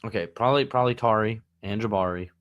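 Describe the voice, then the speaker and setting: A man's voice: fairly low pitch, fast talker, no echo, highs cut off. A man co-hosting a casual sports talk stream, joking around and speaking bluntly in loose slang. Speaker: podcast co-host. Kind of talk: casual chat.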